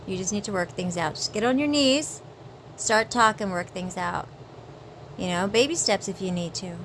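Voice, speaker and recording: A woman's voice: mid-range voice, moderate pace, a little hiss or hum, low-quality recording. A woman co-hosting a commentary show in a lecturing, scolding way. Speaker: co-host. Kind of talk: casual commentary.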